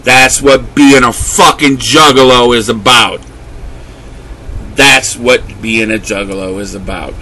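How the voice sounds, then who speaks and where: A man's voice: medium pitch, slow, sharp tone, poor audio. A man vlogger delivering an angry, emotional rant to camera, swearing heavily as his voice rises and drops. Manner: heated, swearing, voice rising and dropping.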